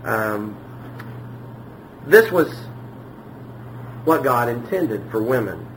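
A pastor preaching a sermon in a relaxed, conversational way, with frequent fillers and restarts. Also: male voice, mid-range voice, extremely slow, long pauses, slight background noise, rough recording.

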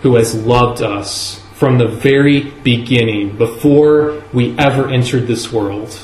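A man preaching a sermon in a church, earnest and measured, leaning on key words with slow emphasis. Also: mid-range voice, darkish tone, a little hiss or hum. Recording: echoey room with faint ambience.

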